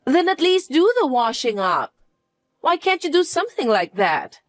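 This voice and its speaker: A harsh, scornful young daughter-in-law, voiced by a woman in a narrated family drama, pitched fairly high with a lively, swinging delivery. The voice is dry and close, with faint music underneath. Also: normal speed, dry recording.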